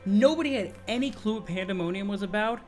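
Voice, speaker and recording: A man giving casual, excitable commentary on game news, chatty and full of slang and quick restarts. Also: high voice, soft background music. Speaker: gaming video creator.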